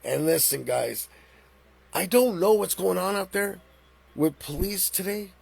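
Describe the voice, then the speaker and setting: A middle-aged man hosting a live stream, retelling a story in a casual, animated way, with rambling restarts. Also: high-pitched, unhurried, gravelly, breathy edge, no echo.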